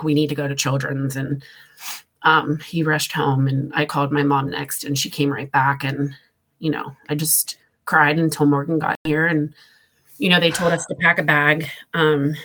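A woman, telling an emotional personal story in a halting way, with many fillers, close to tears. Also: deep voice, fairly bright tone. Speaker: guest.

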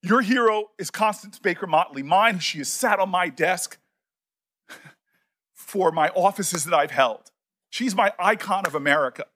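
High-voiced middle-aged guy choking up a bit, stumbling over his words in a hearing speech. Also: sharp tone. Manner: emotional, halting, repeats words. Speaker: senator.

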